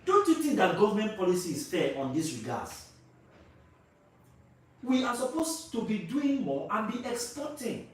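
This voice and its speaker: A man's voice: high-pitched, very animated, normal speed. A Nigerian man vlogging his opinions to camera, emphatic and repetitive, firing rhetorical questions at his viewers. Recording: very echoey room, voice from a distance.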